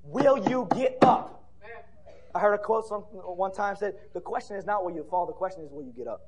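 A man preaching a fiery sermon at a church conference, building to shouted peaks with repeated rhetorical questions. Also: high-pitched, fast talker, husky.

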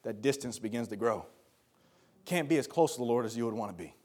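A man preaching a sermon to a congregation, dropping to a hush and rising to shouts, repeating phrases for emphasis. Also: medium pitch, animated, fast talker.

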